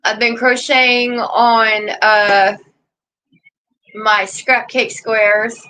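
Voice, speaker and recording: Talking extremely slowly, this livestream host has a slightly high, level voice that sounds pushed and bright. She rambles chattily in her yard and keeps breaking off to scold or coo at her dog. The audio is poor.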